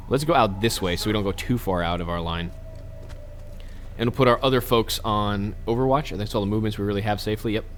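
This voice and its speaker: A man's voice: on the low side, a bit bright, a little hiss or hum. A man hosting a let's play, giving casual, chatty commentary with joking asides to his viewers.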